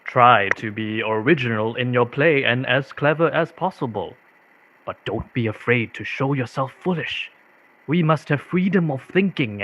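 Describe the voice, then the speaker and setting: A man reading quotations aloud in a measured, expressive way, at a video-call event. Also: medium pitch. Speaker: reader of quotations. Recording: dull muffled video-call audio.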